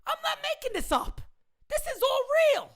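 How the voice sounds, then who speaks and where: A woman ranting loudly and indignantly into a phone camera, repeating her points as a sports fan. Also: very high voice, sing-song, normal speed. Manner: loud, indignant, repetitive ranting. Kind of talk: live rant into a phone camera.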